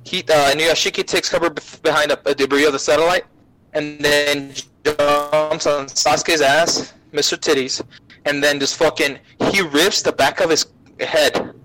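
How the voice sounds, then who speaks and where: A man guesting on a podcast, retelling an anime plot in a profane, rambling, animated way. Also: on the high side, normal speed, soft background music, poor audio. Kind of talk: casual anime recap chat.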